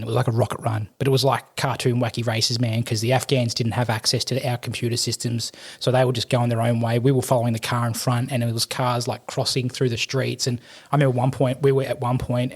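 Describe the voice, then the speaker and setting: Fast-talking Australian man telling stories. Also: mid-range voice. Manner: rapid, rambling anecdotes with laughter. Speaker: podcast guest, army veteran and firefighter. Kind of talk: casual storytelling chat.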